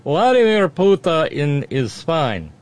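A man putting on a cheesy Russian accent to voice a boastful male state spokesman, loud and pompous. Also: a little high, sing-song, slow pace, voice pushed up. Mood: blustering. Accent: put-on cheesy Russian accent. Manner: loud, pompous and over-the-top.

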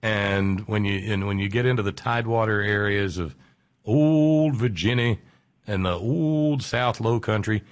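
A man with a fairly low voice who explains things at length. He stretches out key words for emphasis, then speeds through asides. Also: a little slow. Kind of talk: casual radio conversation.

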